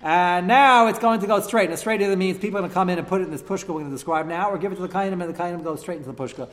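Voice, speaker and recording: A man teaching a text class, animated and emphatic, firing rhetorical questions at his students. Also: high voice, rapid-fire, long reverb tail. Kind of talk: classroom lecture with discussion.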